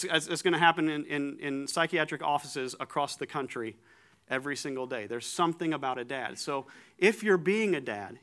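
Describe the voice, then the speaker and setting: A man giving a conversational sermon, animated and joking at his own expense, often repeating words as he starts a thought. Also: on the high side. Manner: animated, joking, self-deprecating.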